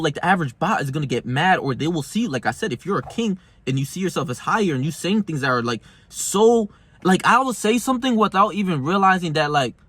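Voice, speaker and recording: Young male self-help vlogger, husky, fairly high voice, dry close sound, brash and profane. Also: fairly bright tone, dry recording. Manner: brash, slangy, heated, profane. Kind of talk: casual monologue to camera.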